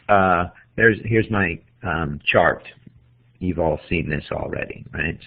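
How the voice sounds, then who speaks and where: A man teaching a class on poetry, speaking deliberately and walking through examples one by one. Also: lowish voice, gravelly. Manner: slow, deliberate, counting out examples. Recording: tinny phone-like audio.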